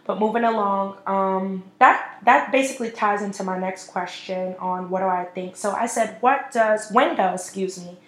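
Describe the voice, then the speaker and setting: A woman's voice: medium pitch, normal speed, few pauses. A woman in her twenties hosting a solo podcast, ranting bluntly and with lots of profanity. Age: 20s. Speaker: podcast host. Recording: echoey room.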